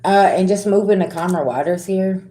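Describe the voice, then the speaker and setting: A woman's voice: mid-range voice, moderate pace, mellow, echoey room. Sassy, blunt woman doing tarot readings. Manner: blunt, sassy, with slang and swearing. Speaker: tarot reader. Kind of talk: casual spiritual reading to viewers.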